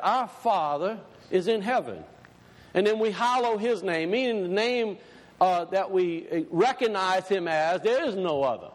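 A man preaching a sermon, asking the congregation questions and slowing down to stress key words. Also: sits high.

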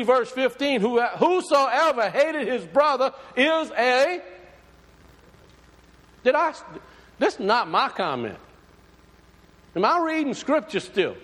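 Casting: male preacher, high lively delivery, conversational sermon, long church reverb. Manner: animated, conversational preaching with rhetorical questions. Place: church sanctuary.

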